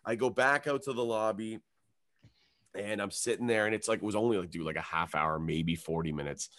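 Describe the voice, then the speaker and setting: Low-ish and a little fast, the voice belongs to a young Canadian comedian on a podcast. He tells a long, expletive-filled comic story with gusto, acting out everyone's lines in a raised voice, with a little hiss or hum in the background.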